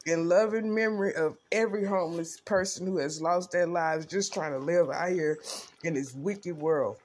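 A woman's voice: fairly low pitch, moderate pace, darkish tone, slight background noise. A woman with a Southern accent vlogging casually about cooking for the homeless, folksy and full of "honey" and "I bet you". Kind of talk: casual vlog to camera. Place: outdoors in a park.

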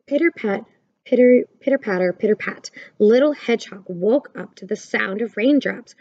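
Woman reading a kids book out loud, mellow voice, kinda dull recording. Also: medium pitch, lively intonation, normal speed, no room sound. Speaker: storyteller. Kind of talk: children's book read-aloud.

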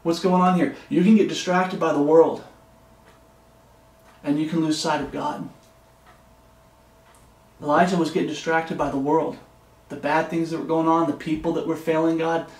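A man's voice: fairly high pitch, level tone, normal speed, long pauses, roomy sound. A man teaching a Bible study in an earnest, repetitive way, reading scripture aloud between remarks. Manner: earnest, repeats and restarts phrases, reads scripture aloud. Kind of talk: sermon-style Bible study.

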